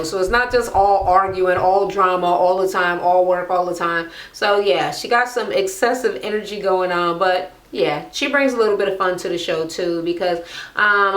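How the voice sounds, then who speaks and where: A woman's voice: lowish voice, a bit bright, reverberant. A woman recapping a reality show in casual, blunt, profane chat, mimicking the people she talks about.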